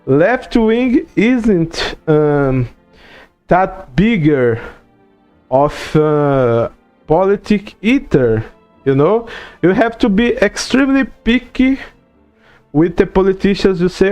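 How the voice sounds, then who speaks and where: Slow-talking Brazilian man, profane rant. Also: high voice, soft background music. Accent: Brazilian Portuguese. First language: Portuguese. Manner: profane, animated rant with many "bro" and "you know" fillers. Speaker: streamer. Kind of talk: casual livestream chat.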